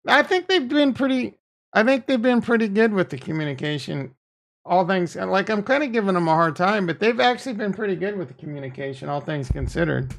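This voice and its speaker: Gravelly, profane crypto streamer man. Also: sits high, expressive, fairly quick, fairly bright tone. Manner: rambling, profane, off-the-cuff. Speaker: crypto livestream host. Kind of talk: casual livestream chat reading viewer comments.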